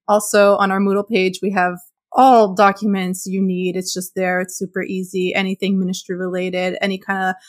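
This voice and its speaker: A woman's voice: mid-range voice, level tone, moderate pace. Thoughtful woman podcast host from Montreal. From Montreal, Canada. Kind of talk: casual podcast conversation.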